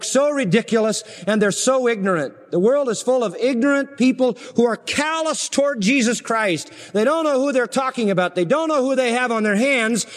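A man preaching an expository sermon, emphatic, swinging his voice up and down to stress points. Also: high-pitched. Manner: emphatic, rising and falling for stress. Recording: reverberant hall.

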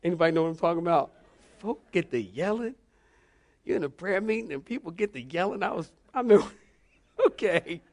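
A man preaches to his congregation with a voice pitched a little above most men. He swings between playful storytelling and slow, careful teaching, spelling out words for note-takers. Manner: animated, humorous storytelling with mock voices; teacherly, spells out acrostics slowly. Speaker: pastor. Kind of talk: sermon. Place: church.

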